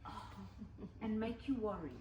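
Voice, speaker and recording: Older woman co-host, measured and advice-giving, mic set back in an echoey room with faint hiss. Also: medium pitch, mellow. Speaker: podcast co-host. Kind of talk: casual chat. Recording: roomy, distant mic, faint noise.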